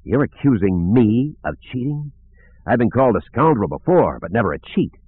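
A man voicing a gruff, hot-tempered male pilot who talks curt and snappish. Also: big pitch swings, moderate pace, dry recording. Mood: snappish, menacing. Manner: curt, snappish, low and threatening. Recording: narrow phone-like sound.

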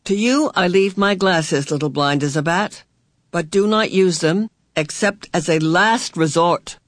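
A man's voice: high-pitched, fairly bright tone, dry recording, studio quality. Man doing a cryptic, verse-quoting old spirit woman. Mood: cryptic solemn. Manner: measured, cryptic, deliberate delivery. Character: mysterious old female spirit who quotes verse.

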